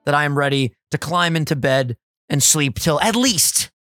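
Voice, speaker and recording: A young man co-hosting a casual podcast, hoarse from screaming, loud and swearing as he jokes around in a basement. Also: on the high side, lively intonation. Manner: loud, swearing, jokey, quick. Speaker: podcast co-host. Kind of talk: casual profane podcast banter. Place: basement at a kitchen table.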